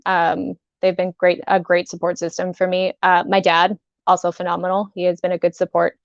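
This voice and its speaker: A woman telling a painful personal story as a talk-show guest. She speaks haltingly, with many restarts and an emotional edge. The sound is dry and slightly muffled. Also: fairly low pitch, completely flat delivery, no echo.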